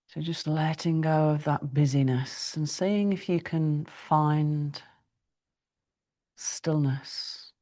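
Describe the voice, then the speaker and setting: A middle-aged woman teaching a yoga class, giving slow, calm breathing cues with long pauses. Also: low-pitched. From United Kingdom. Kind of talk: guided yoga class instruction.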